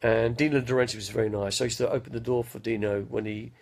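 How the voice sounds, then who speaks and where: A man in his fifties with a mild stutter from a head injury tells meandering, casual stories on a live stream. His gravelly, husky voice is mid-range with a steady, slightly mellow tone, and he speaks slowly and haltingly, often forgetting where he was going.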